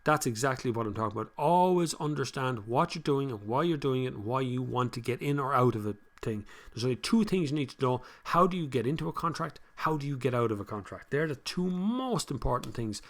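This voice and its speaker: An older man with a Kildare Irish accent, hosting a casual live stream, reading viewer comments and giving blunt, animated advice. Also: medium pitch, a little fast, few pauses. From Ireland.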